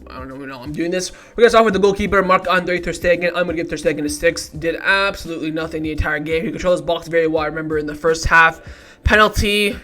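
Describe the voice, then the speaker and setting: A man's voice: on the high side, quick pace. A man hosting a football match review vlog, heated and ranting, swearing often as he rates the team. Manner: shifts from calm rating talk to loud outbursts. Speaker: football fan channel host.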